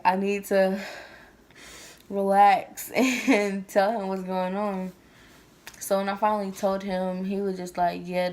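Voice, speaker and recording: A woman's voice: medium pitch, a little mellow. A woman vlogging at home, telling a personal story in casual chat, rambling with lots of fillers.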